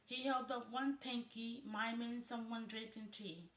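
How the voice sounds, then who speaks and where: A woman reading a novel aloud as its narrator, in an even storytelling manner. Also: a little high, measured pace. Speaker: audiobook narrator. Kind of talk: scripted narration. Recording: roomy echo.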